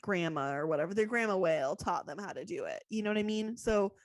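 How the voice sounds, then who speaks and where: A woman's voice: medium pitch, lively intonation, fast, no room sound. A woman co-hosting a podcast, chatting in a rambling way full of "like" and "um". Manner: rambling, lots of "like" and "um". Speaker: podcast co-host. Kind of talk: casual chat.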